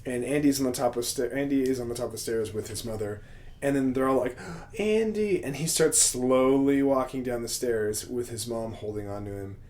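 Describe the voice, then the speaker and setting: A man's voice: mid-range voice, fairly even intonation, a little fast, darkish tone. Laughing man recapping a movie. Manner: laughs often, acts out scenes in quoted voices. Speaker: podcast co-host. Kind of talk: casual movie recap chat.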